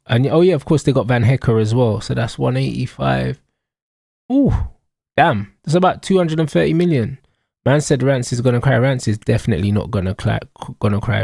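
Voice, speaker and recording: A young man with a London accent rants casually about football on a live stream. He talks in slang and keeps circling back to his catchphrases. His voice sits in a middle pitch and sounds dry and close. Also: a little mellow, no echo. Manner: slangy, emphatic, repetitive.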